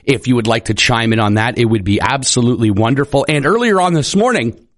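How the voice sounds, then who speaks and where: A man's voice: medium pitch, expressive, quick pace, no echo, studio quality. A man hosting a live morning radio show. He talks in an upbeat, chatty and friendly way. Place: radio studio.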